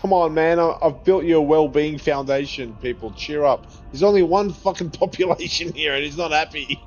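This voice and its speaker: A slightly high voice at normal speed belongs to an Australian gaming video creator chatting through gameplay. He swears freely and laughs often, and the somewhat dull recording carries faint game music.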